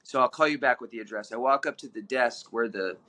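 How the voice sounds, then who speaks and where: Man, podcast guest, earnest, halting, lots of fillers, personal story. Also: medium pitch, pushed and bright. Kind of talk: telling his recovery story.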